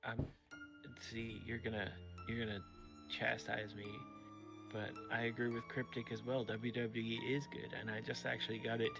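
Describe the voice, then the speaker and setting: Guest, man, gravelly mid-pitch voice, laid-back and sarcastic, laughs a lot. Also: little pitch movement, moderate pace, music in the background. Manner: easygoing, laughs often, dry sarcasm. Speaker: guest, voice actor. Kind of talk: casual livestream chat.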